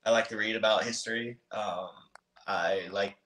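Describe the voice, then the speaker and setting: A man's voice: lowish voice, fairly even intonation, normal speed, fairly bright tone, slight background noise. A young man in his twenties, a podcast guest, chatting casually and hesitantly with many ums and restarts. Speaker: guest, motocross racer. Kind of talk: casual interview chat. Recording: roomy echo.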